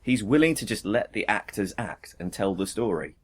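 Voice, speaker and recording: A man, a podcast guest, talking about a film in a thoughtful, measured way. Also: on the low side, expressive, slightly rough. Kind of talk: casual film discussion.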